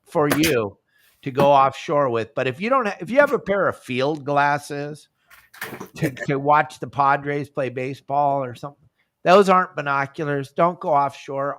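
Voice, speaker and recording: A man with a fairly bright, mid-range voice hosts a fishing podcast over a video call at a normal speed. He talks casually and, raising his voice, acts out phone calls with members.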